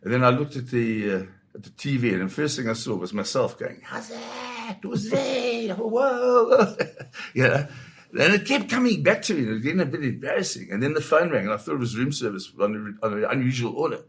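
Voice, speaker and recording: A Zimbabwean photographer, appearing as a guest, tells anecdotes in a lively raconteur style, imitating the voices of the people in his stories. His pitch is medium and he talks fast.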